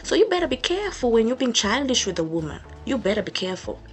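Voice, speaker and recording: A woman's voice: fairly high pitch, very animated, quick pace, soft background music. A young woman vlogger giving a sassy, emphatic storytime rant to camera, repeating her points for effect.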